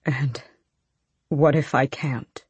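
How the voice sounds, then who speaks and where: A woman voicing an injured young man who speaks quietly and tightly through pain, his voice husky and strained. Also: very deep voice, fairly even intonation, extremely slow, dry recording, full character voice. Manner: quiet, pained, clipped through gritted teeth.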